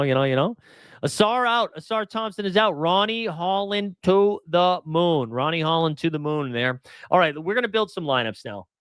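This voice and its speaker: A man hosting a casual livestream, chatting and reading viewer comments, animated, swinging from mock outrage to mumbled asides. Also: medium pitch, no echo, studio quality. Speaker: livestream host.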